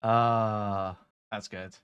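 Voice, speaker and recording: A man hosting a commentary channel, reacting to clips in a profane, casual way and swinging between mumbled asides and loud outbursts. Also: on the low side, level tone, drawn-out words, clear, resonant tone, dull audio.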